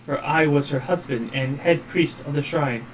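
A man voicing a grave, gentle old male ghost priest with a mock French accent. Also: on the high side, moderate pace, distant mic, a little hiss or hum, natural voice, low-quality recording. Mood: solemn.

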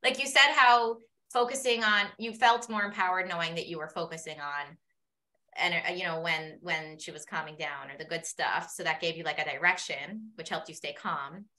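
A woman's voice: lowish voice, fairly even intonation, moderate pace, sharp tone. A woman hosting a casual conversation, asking curious, probing questions full of "like". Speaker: host. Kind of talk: casual interview chat.

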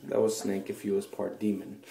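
A man's voice: fairly low pitch, little pitch movement, a little fast, creaky, dark tone. A man vlogging in a goofy, self-mocking way, recorded in a bathroom. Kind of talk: rambling comic vlog. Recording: echoey bathroom.

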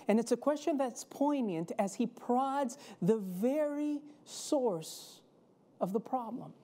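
Slow, mellow woman preaching a sermon. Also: mid-range voice. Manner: storytelling, dramatic pauses.

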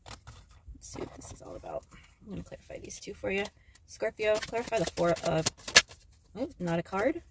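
A woman giving a casual tarot card reading to camera, excitable and joking, swearing freely as she talks to her viewers. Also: mid-range voice, moderate pace, vocal fry, pauses often, very noisy. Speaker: tarot reader.

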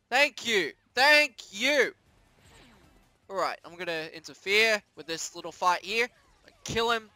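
Male gaming commentator; bright, sharp voice, slow unhurried pace, prone to excitable yelps. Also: high voice, dry recording. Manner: excitable, yelps and repeats words when losing. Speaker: gaming YouTuber. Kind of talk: let's-play commentary.

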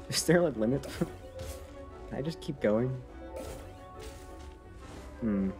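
A man's voice: medium pitch, lively intonation, very slow, long pauses, a little mellow. Playful male streamer over game music. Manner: playful, self-mocking, talks to game characters. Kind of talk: casual gameplay commentary. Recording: game music playing behind.

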